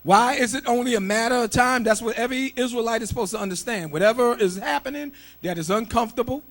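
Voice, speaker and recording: A man preaching a sermon, emphatic and quick to shout, firing rhetorical questions and leading his listeners in call-and-response. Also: very high-pitched. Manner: calls for scripture reading and call-and-response.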